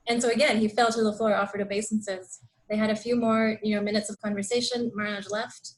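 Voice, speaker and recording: A woman's voice: mid-range voice, flat delivery, moderate pace, rough recording. A woman giving a devotional talk in an online program on a video call, telling a story with many fillers and acting out the quotes. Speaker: speaker.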